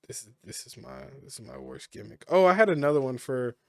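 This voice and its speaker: A man's voice: mid-range voice, expressive, a little fast, creaky, dry recording, studio quality. A man co-hosting a podcast, chatting casually about wrestling, rambling with lots of fillers and restarts. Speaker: podcast co-host.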